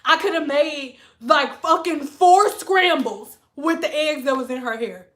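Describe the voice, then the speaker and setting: A woman hairstylist tells stories on a casual livestream in a blunt, profane, animated way. Her voice sits high and sounds bright and sharp. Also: a little slow.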